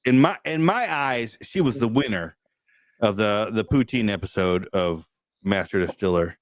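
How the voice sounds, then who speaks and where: A man's voice: on the low side, animated, moderate pace, no echo. A man co-hosting a podcast in casual chat, playful, repeating himself and swearing.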